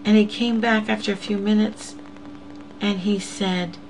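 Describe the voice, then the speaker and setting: A woman's voice: medium pitch, steady tone, measured pace, a little mellow, slight background noise, low-quality recording. A woman giving a personal faith testimony, earnest and intimate, often sinking to a whisper and calling listeners "beloveds.". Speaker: host of an inspirational show.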